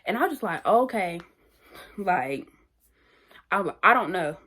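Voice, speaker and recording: A young woman vlogger telling a story in a casual, animated and slangy way, often repeating phrases. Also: lowish voice, normal speed, husky. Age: young adult.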